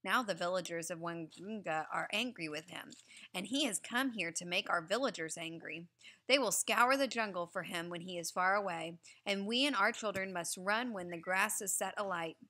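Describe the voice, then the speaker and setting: Woman reading a quiet, grave mother wolf, calm and wary. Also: on the low side, moderate pace.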